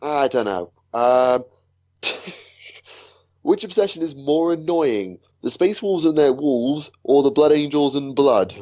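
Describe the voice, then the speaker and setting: A man's voice: a little high, animated, slow, darkish tone, lo-fi sound. A man co-hosting a casual podcast chat, teasing and hesitant, with frequent ums. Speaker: podcast co-host.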